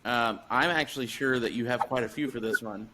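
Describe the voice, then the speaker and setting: A man hosting a casual movie review podcast, moving the talk along in a relaxed, halting way. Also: mid-range voice, roomy sound. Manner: relaxed, halting, steers the discussion. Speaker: podcast host. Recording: noticeable background noise.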